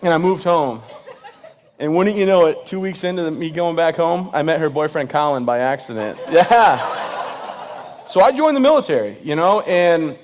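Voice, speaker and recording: A man's voice: fairly high pitch, animated, normal speed. A man in his thirties, a veteran guest speaker, telling funny stories to an audience and laughing at his own jokes. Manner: addresses the crowd directly and energetically. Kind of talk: humorous storytelling speech to an audience.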